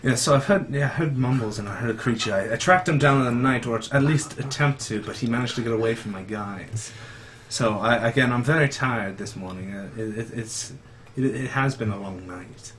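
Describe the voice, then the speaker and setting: A man's voice: medium pitch, a bit bright, slight background noise, close to an everyday voice. A man voicing a tired young male monster-hunting bard in a tabletop game, rambling and stumbling over his words. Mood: weary. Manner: rambling, halting, repeats words.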